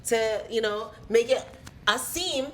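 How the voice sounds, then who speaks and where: A woman co-hosting a podcast, chatting casually and acting out quotes with animated energy. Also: on the high side, slight background noise. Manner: animated, quick to chime in, acts out quotes. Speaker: podcast co-host. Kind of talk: casual chat.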